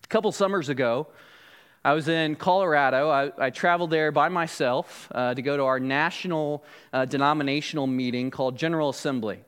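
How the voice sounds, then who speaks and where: High-voiced man preaching a sermon. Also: a little fast, fairly bright tone, smooth. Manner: explanatory, frequent rhetorical "Right?" checks. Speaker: pastor.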